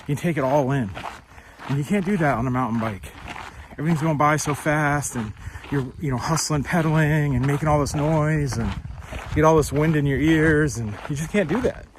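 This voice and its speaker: A man's voice: medium pitch, noisy background. A man hiking and filming himself on a handheld phone outdoors, upbeat and chatty, repeating himself and laughing often, sometimes out of breath on hills. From New Hampshire, USA. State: out of breath while walking uphill. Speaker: hiking vlogger. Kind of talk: casual outdoor vlog. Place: outdoors on hilly rural roads and hilltops. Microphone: handheld phone camera.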